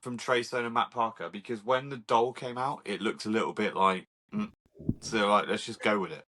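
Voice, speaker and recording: A man's voice: on the low side, normal speed, bright, forceful tone. A man in a casual movie podcast chat, enthusiastically retelling comedy bits with jokes. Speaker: podcast co-host.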